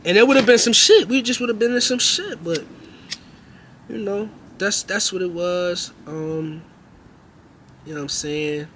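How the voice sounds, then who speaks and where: A young man telling a casual storytime vlog, slangy and animated, acting out what people said with raised voices. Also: sits high, unhurried, long pauses, slight background noise. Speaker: storyteller host.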